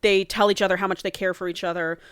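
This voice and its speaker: A woman on a podcast walks through a story, jumping into the characters' voices for quoted lines. Her voice sits at a middle pitch and sounds close and dry, with no room around it. She talks in a loose, chatty way. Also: fast, clear, resonant tone, dry recording. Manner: animated, acts out characters' lines while recapping. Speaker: podcast co-host recapping a book. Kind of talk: casual chat, retelling a story with quoted lines.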